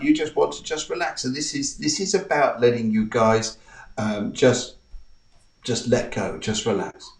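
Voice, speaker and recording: Man with a distant, roomy voice, coaching. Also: mid-range voice. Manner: guides listeners through tapping affirmations, soft and coaxing. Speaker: host. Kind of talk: live-streamed spiritual talk show.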